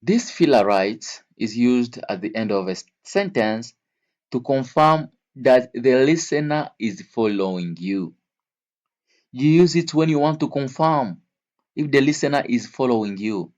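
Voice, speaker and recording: A man teaching English vocabulary to learners, speaking slowly and repeating each word and example several times. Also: medium pitch, lively intonation, darkish tone, highs cut off. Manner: slow, repeats words and examples.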